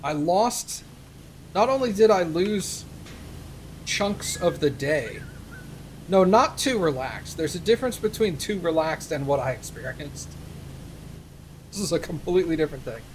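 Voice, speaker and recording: A man's voice: fairly high pitch, lively intonation, unhurried, long pauses, a little hiss or hum. A young man, a streamer, telling a rambling story in casual chat, with plenty of fillers. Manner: rambling anecdote with many fillers.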